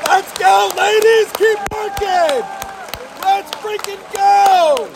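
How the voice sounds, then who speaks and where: A man in a wrestling crowd cheering and yelling encouragement at the wrestlers, caught on a phone recording from the stands. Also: very high-pitched, steady tone, slow pace, gravelly. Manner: loud, chanting, coaching the wrestlers. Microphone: phone recording from the audience. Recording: phone clip with loud arena crowd noise.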